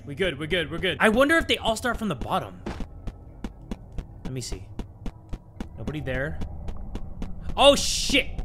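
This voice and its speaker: A man's voice: on the high side, very animated, normal speed, pauses often. A young man playing a horror game, talking to viewers in a jittery, self-mocking, chatty way. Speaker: gaming youtuber.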